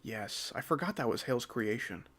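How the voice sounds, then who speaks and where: A man's voice: medium pitch, expressive, moderate pace, fairly bright tone. Young man rambling casually on a stream. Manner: rambling, joking, drifts into mumbling. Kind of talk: casual live-stream chat.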